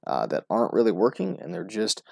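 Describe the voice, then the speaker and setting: A man's voice: medium pitch, wildly swooping pitch, fairly quick, creaky, darkish tone. An American man giving casual solo commentary on oil prices, talking loosely with many fillers, restarts and "right?" asides. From United States. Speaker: oil and gas investment commentator.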